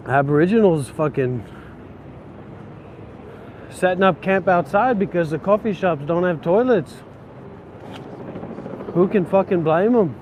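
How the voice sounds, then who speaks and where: A man's voice: high-pitched, animated, a little slow, pauses often, highs cut off, a little hiss or hum. Man ranting and swearing outdoors. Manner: frustrated, swearing, grumbling. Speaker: vlogger. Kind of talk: profane ranting vlog. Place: outdoor city streets.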